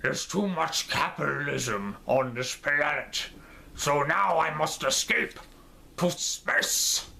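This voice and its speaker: Hammy male villain, mock Russian accent, slow theatrical delivery, put on by a man. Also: on the high side, animated, vocal fry, sharp tone, exaggerated voice. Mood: gloating.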